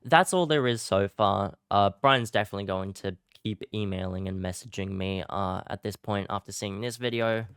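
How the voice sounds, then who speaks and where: A young man narrating a casual commentary video in a relaxed, self-deprecating way, with filler "uh"s here and there. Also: lowish voice, moderate pace, few pauses, smooth, dry recording, studio quality. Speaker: YouTube commentary creator.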